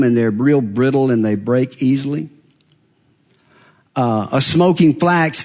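A man preaching a sermon, swinging dramatically between hushed, quiet passages and loud, raised ones. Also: mid-range voice.

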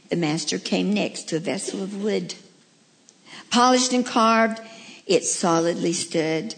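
A woman's voice: mid-range voice, unhurried, vocal fry. A woman preaching a heartfelt sermon as a radio preacher, telling stories and reading a poem. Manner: storytelling, heartfelt.

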